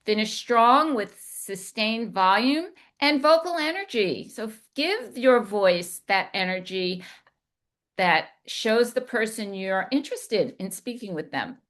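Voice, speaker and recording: A woman communication coach giving a deliberate instructional talk, demonstrating inflection as she goes. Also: mid-range voice, sing-song, a bit bright.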